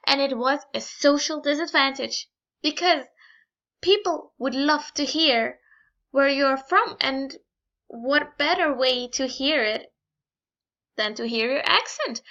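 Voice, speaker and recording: A young woman giving a school screencast presentation, reading carefully with pauses and small restarts. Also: high voice, pushed and bright, dull audio. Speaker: student presenter.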